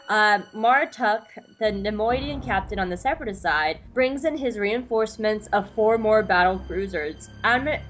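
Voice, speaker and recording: A woman's voice: mid-range voice, muffled recording. A woman co-hosting a podcast, chatting casually and reading episode recaps. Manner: chatty, filler-heavy, reads summaries. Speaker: podcast co-host.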